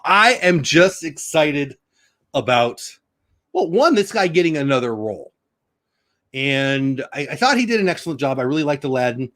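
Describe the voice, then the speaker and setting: A man's voice: medium pitch, big pitch swings, normal speed, fairly bright tone. A middle-aged man hosting a casual news chat, reading reports aloud and breaking in with his own asides. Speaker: show host.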